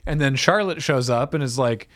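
A man's voice: mid-range voice, normal speed, dry recording, clean studio sound. A man co-hosting a casual podcast, recapping wrestling and acting out the wrestlers' lines. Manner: animated storyteller, acts out quoted wrestlers. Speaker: podcast co-host.

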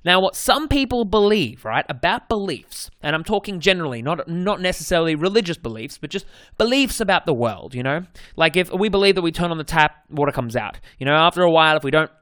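A man's voice: on the high side, animated, a little fast, fairly bright tone, no room sound, studio quality. A man with an Australian accent, a dating coach hosting his podcast in a casual monologue, stressing and repeating his key points with frequent self-corrections.

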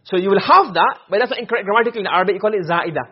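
A man teaching Arabic grammar in a classroom, talking fast and fairly high for a man. His comes through, and he keeps firing questions at his students. The recording is muffled and lo-fi. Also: slightly rough. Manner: quizzing students with quick questions. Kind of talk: classroom lesson.

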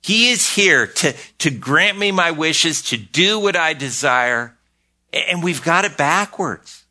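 Slow, bright-voiced male pastor preaching. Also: on the high side, expressive. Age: older. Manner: earnest, repeats words when starting phrases. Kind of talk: sermon.

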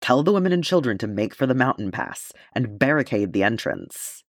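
A man's voice: medium pitch, big pitch swings, fairly quick, no room sound, studio quality, pitched above the performer's own voice, natural voice. A man reading as a stern warrior leader. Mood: urgent.

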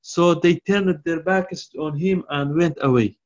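A man giving a lecture on Quran commentary, reciting Arabic verses quickly and then explaining them in halting English with many restarts. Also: fairly high pitch. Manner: frequent restarts and fillers. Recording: dull lo-fi recording.

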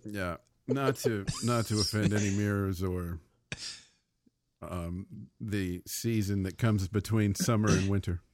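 A male podcast host chatting casually with guests. He delivers his jokes flatly, with no change of tone, and steers the talk along. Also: lowish voice, measured pace, a little hiss or hum. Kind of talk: casual chat.

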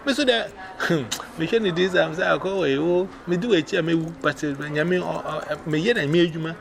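A man with a Ghanaian accent telling a personal testimony in a casual, animated way, switching between Twi and English. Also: fairly high pitch, brisk, creaky, soft background music. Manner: mixes Twi and English, animated retelling with quoted voices. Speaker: evangelist. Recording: audible background noise.

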